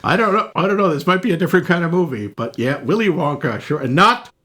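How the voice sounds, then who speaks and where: An older man co-hosts a movie podcast in loose, playful chat. His voice sits a little high and swings widely in pitch, and he keeps tossing in silly jokes. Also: lively intonation, fast talker, sharp tone. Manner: playful, jokey, breaks into silly bits. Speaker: podcast co-host. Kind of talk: casual chat about movies.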